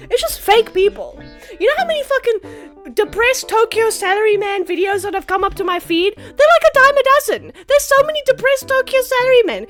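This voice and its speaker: Female creator, very high pitch, profane and exasperated unscripted rant. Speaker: online video creator.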